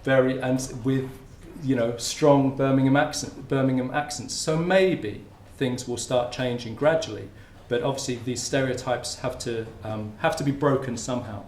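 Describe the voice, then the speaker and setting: Speaking with a mid-range, slightly mellow voice, an academic talks at a moderate pace with hardly any pauses. His conference talk is relaxed and conversational, recorded in a roomy lecture hall with faint ambience and slight background noise.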